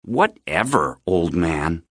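A man voicing an irritated young boy who fakes polite phone manners in quick, clipped bursts. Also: low-pitched, big pitch swings, dry recording, clean studio sound, exaggerated voice. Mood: dismissive.

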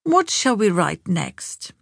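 A woman's voice: very animated, slow pace, vocal fry, fairly bright tone, no room sound, clean studio sound, heavily acted. Woman voicing a fretful older daughter-in-law. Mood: anxious. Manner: fretful, higher-pitched. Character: fussy, anxious sixty-five-year-old daughter-in-law.

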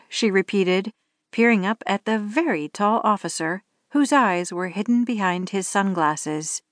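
A woman's voice: mid-range voice, expressive, a little slow, no room sound. Woman narrating an audiobook, dry. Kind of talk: scripted narration.

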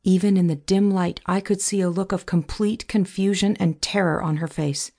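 Woman audiobook narrator, low gravelly voice, measured first-person reading. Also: fairly even intonation, a little mellow.

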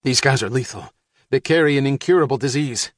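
An excitable middle-aged father who talks in a brisk, sarcastic way, put on by an audiobook narrator. He pushes his lines with impatience. The sound is dry, with no room. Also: medium pitch, no echo, pitched above the performer's own voice, close to an everyday voice. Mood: brusque.

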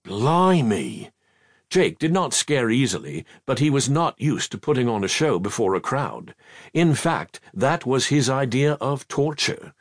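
Male children's-audiobook narrator, lively intonation, husky tone. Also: medium pitch, normal speed, no room sound, clean studio sound. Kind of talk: storybook narration.

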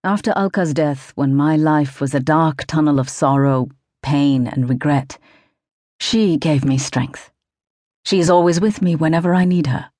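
A woman's voice: sits low, measured pace, a little mellow, no room sound. A young woman narrating a novel in the first person, with composed and descriptive storytelling into a close studio mic. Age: young adult. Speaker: audiobook narrator.

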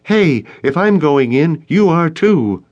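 A man voicing a mocking teenage girl with a shrill, taunting voice in an audiobook. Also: expressive, slow pace, a little mellow, highs cut off. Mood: teasing.

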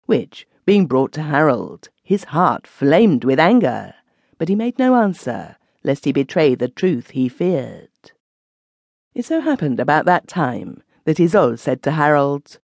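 A woman narrating an old legend in measured, archaic storytelling. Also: deep voice, very animated, vocal fry, a little mellow, no echo. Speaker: audiobook narrator. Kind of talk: scripted narration.

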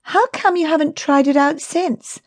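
A woman's voice: high voice, moderate pace, voice pushed up, close to an everyday voice. A woman narrator voicing the heroine's own dialogue, a direct, teasing young woman.

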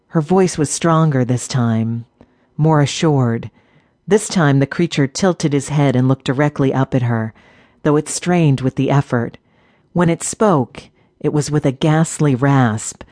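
Female audiobook narrator, steady measured fantasy read, dry close sound. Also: a bass voice, dry recording.

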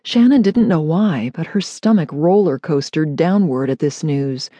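A woman reading a romance audiobook in an expressive, wry storytelling manner, close to a studio mic. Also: low voice, a little slow, no room sound. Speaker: audiobook narrator. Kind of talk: audiobook narration of a romance novel.

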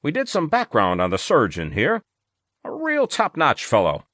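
A man voicing a smooth, falsely concerned male government aide in a storybook reading, talking in a placating way. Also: mid-range voice, huge pitch swings, moderate pace, a bit bright, no room sound, clean studio sound, pitched above the performer's own voice.

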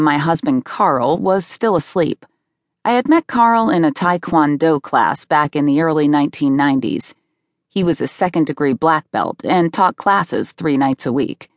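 Low-voiced lady reading her memoir, wry and dry, close studio mic. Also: no room sound. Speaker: audiobook narrator. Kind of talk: scripted narration.

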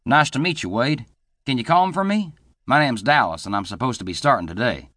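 A man's voice: mid-range voice, animated, brisk, fairly bright tone, no room sound, clean studio sound, voice pushed up. A man narrator voicing a confident, friendly cowboy who speaks in a drawl. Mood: easygoing.

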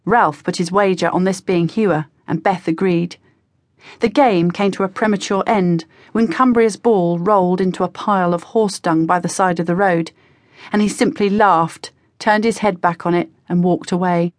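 A woman reading a teen adventure audiobook in a measured storytelling manner. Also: lowish voice, steady tone, dry recording, studio quality. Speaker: audiobook narrator. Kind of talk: scripted narration.

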